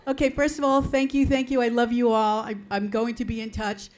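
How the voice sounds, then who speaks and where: A woman's voice: on the high side, little pitch movement, a little fast, darkish tone. A woman investor in a conference audience, speaking enthusiastically and emphatically.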